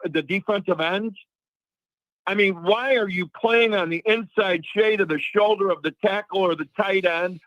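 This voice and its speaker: A man's voice: sits high, fairly bright tone, dry recording. A man from Chicago calling in to a show, speaking earnestly and emphatically. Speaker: caller. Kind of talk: call-in opinion. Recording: dull dry phone line.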